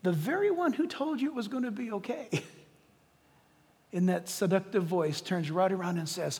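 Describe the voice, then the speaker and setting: A man's voice: high voice, a little slow, darkish tone. A male pastor preaching a sermon in a conversational, emphatic way in a large church. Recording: long reverb in a large church.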